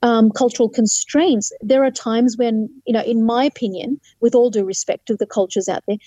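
A woman's voice: fairly high pitch, fairly even intonation, normal speed, warm tone, no echo. Earnest woman telling a dramatic story. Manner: earnest, vivid retelling with restarts and acted quotes. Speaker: interview guest. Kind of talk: personal testimony storytelling.

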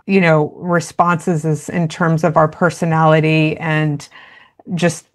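A woman's voice: low-pitched, flat delivery, slow. A woman guest in a conversational interview, explaining parenting in an earnest, practical way and acting out little quoted exchanges.

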